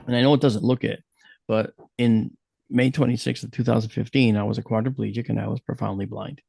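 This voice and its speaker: A man from the USA telling a personal story in an online talk, acting out his own quotes with lively shifts. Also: medium pitch, a little fast, gravelly, slightly rough, no echo. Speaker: guest speaker.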